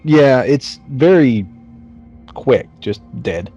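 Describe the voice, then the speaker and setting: A man's voice: medium pitch, animated, very slow, dark tone, highs cut off, soft background music. A man co-hosting a casual movie podcast, summarizing plot with jokes and frequent swearing. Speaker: podcast co-host. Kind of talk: casual chat.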